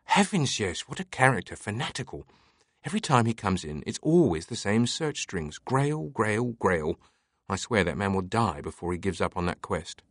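A man's voice: fairly low pitch, sing-song, moderate pace, no room sound, studio quality. A man voicing a cheerful, erudite British woman librarian with a fluid voice, talking in a chatty, teasing way. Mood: amused. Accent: British (put on for the figure). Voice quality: pleasingly fluid voice. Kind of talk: audiobook character voice.

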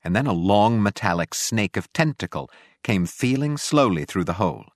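Grave low-voiced male narrator. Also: lively intonation, normal speed, no room sound, studio quality. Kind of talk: audiobook narration.

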